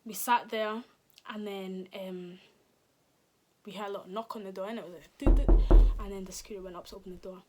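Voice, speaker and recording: A woman's voice: medium pitch, brisk, heavy background noise. A woman, telling a casual storytime, acting out quotes and dropping into whispers. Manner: animated, acts out quotes, drops into whispers. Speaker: vlogger.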